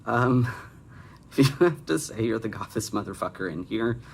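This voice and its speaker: A man's voice: on the low side, lively intonation, normal speed, gravelly, slight background noise. A young man hosting a comedic critique of bad fan fiction, with sarcastic, exasperated asides. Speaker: fanfic critic and host.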